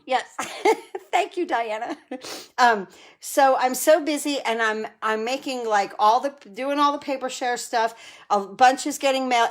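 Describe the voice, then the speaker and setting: A middle-aged woman from New Jersey hosting a casual live card-making tutorial, chatty and enthusiastic, greeting viewers by name. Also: a little high.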